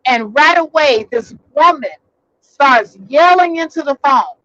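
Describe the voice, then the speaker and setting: A woman with a high voice tells a personal story from a vehicle, rambling along with plenty of fillers and false starts. The recording is dry and a little dull. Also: animated, unhurried, bright, forceful tone, no echo. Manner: rambling, many fillers and restarts. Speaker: vlogger. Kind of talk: casual storytelling.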